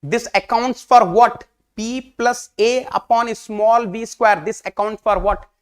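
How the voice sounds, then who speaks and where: Slow and clear, his high-sitting voice has a resonant tone and fairly even intonation. The male engineering teacher, Indian English accent, leads an online exam-prep lecture, repeating questions and encouraging the class in both English and Hindi.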